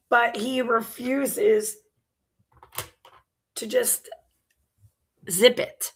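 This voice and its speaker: A woman's voice: fairly high pitch, fairly even intonation, takes it slowly, gravelly, pauses often, slight background noise. A woman who is losing her voice and sick, ranting in exasperation and swearing as she reacts to a clip, with sarcastic asides. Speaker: commentary channel host. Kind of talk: reaction commentary rant.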